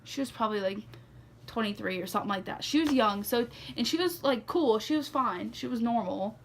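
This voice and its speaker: A woman's voice: fairly high pitch, lively intonation, a little fast, a little hiss or hum. A young woman telling a story to her vlog viewers in a chatty, casual way, full of "like" and "okay". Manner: chatty, says "like" and "okay" a lot. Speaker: vlogger.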